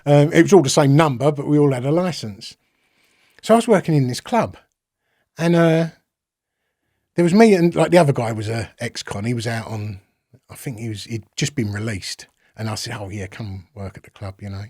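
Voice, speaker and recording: A middle-aged Englishman with a London accent speaks in a mid-range voice at a moderate pace, recorded in clean studio sound with no echo. He's a podcast guest casually telling a story, swearing freely and acting out the quotes in a lively retelling.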